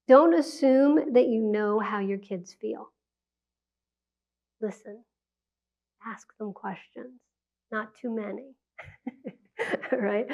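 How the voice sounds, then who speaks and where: A woman's voice: fairly high pitch, darkish tone. Woman speaker, parenting talk, conversational, acts out quotes, lo-fi sound. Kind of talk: public talk to an audience. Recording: dull lo-fi sound.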